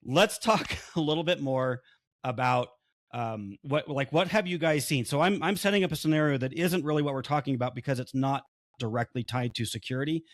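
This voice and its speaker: A man's voice: medium pitch, brisk, no echo, studio quality. A man co-hosting a podcast, blunt and openly emotional, swearing as he vents. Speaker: podcast co-host. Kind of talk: heated casual podcast chat. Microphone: desk-mounted microphone.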